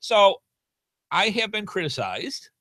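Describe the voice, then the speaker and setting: A middle-aged man co-hosts a casual podcast chat with a bouncy, game-show-host delivery. His voice sits a little high for a man. The sound is dry and close, with no room echo. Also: sing-song, slow pace, pushed and bright.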